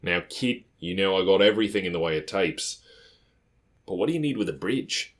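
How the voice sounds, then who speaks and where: A man's voice: low-pitched, lively intonation, normal speed. A man voicing a cheerful, streetwise male tape dealer with a faint accent, talking in a friendly, conspiratorial way in an audiobook. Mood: jovial. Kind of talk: audiobook character voice.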